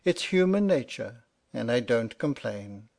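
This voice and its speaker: A man reading the part of a gloomy old sailor, sad and resigned, who speaks low and without complaint. The voice sits in a middling register and keeps the plain tone of a storybook read aloud. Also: sing-song, unhurried, vocal fry, a little mellow. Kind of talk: audiobook reading.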